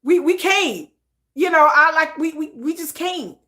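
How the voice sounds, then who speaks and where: A woman's voice: high voice, lively intonation, a little slow, sharp tone. A woman vlogger chatting casually to her viewers in a playful, joking way, laughing often. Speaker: K-pop news vlogger. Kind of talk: casual chat to camera.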